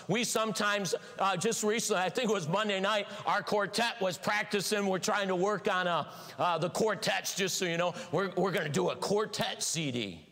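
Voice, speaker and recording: A pastor preaching a sermon in a church, animated, acting out little voices and shouting for emphasis. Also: male voice, sits high. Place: church sanctuary. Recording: long hall reverb.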